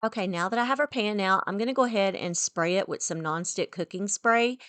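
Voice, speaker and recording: A woman's voice: medium pitch, a little fast, clear, resonant tone. A woman chatting casually as she cooks supper in her home kitchen. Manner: chatty, relaxed, says y'all often. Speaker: home cooking vlogger. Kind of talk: casual cooking chat.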